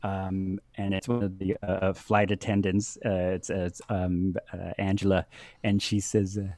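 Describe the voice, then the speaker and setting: A man narrating as game master of a tabletop game, halting with many pauses and fillers. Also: deep voice, flat delivery, darkish tone, no room sound. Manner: halting, many ums and uhs, laughs often.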